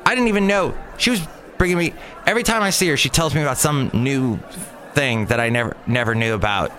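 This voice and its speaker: A man's voice: medium pitch, animated, quick pace, fairly bright tone. A man hosting a solo podcast, talking in a rambling, jokey way that drifts from topic to topic. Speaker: podcast host.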